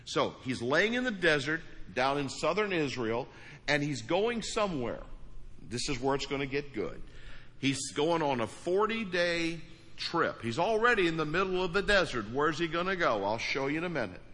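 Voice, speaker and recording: A man's voice: a little high, sing-song, normal speed. Emphatic preacher man in an echoing hall. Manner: emphatic preaching, dropping to a quiet prayer. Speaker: pastor. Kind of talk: sermon with prayer.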